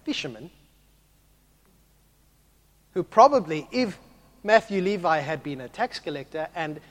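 A man preaching a sermon as a pastor, animated and swinging from hushed to loud. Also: on the high side, unhurried.

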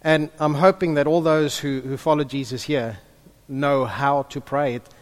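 A man in the role of pastor, praying softly and then preaching with emphasis. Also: a little high, normal speed. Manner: hushed in prayer, then lively and emphatic preaching. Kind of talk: prayer and sermon. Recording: long reverb of a large hall.

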